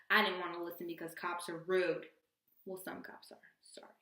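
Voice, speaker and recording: A woman's voice: fairly low pitch, moderate pace. Slangy young woman telling a story. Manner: animated, slangy, jokey asides. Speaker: vlogger. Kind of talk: casual storytelling. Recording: roomy echo.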